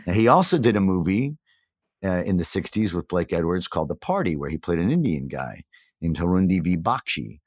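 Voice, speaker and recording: A man in his fifties from New York, a guest in a candid interview, telling his story earnestly and reflectively with animated emphasis. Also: low voice, fairly quick, no room sound, clean studio sound. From New York, USA. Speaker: podcast guest.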